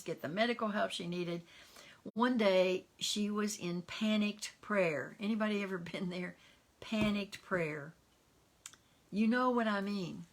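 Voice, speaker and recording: A woman minister delivering a sermon, telling a story dramatically and dropping into hushed, whispered lines. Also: medium pitch.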